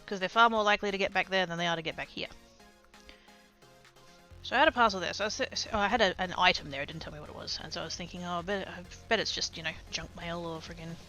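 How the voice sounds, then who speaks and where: Chatty Australian woman streamer, bright voice. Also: lowish voice, steady tone, fast, faint music behind. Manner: chatty and rambling, laughs often, swears casually. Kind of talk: casual live-stream chat.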